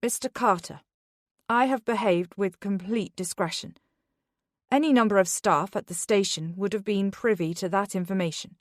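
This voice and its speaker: Woman doing a brisk, officious detective. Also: mid-range voice, no room sound, clean studio sound, close to an everyday voice. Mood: formal. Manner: formal, clipped.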